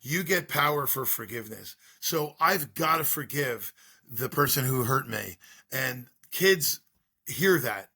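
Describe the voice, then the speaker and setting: A man's voice: mid-range voice, animated, unhurried, sharp tone, breathy edge. A middle-aged man, a school drug-prevention speaker, telling his story in an interview with earnest, repetitive rhetorical questions.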